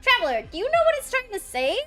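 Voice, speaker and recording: A woman voicing a small, bossy floating female companion, reading game lines in a squeaky, indignant way. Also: wildly swooping pitch, fast, pushed and bright, faint music behind, exaggerated voice. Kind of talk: reading game dialogue aloud.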